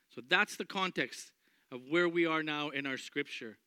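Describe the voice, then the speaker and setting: A man preaching a sermon as pastor, animated, acting out the voices of people in the story. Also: on the high side, moderate pace, clean tone, dry recording, clean studio sound.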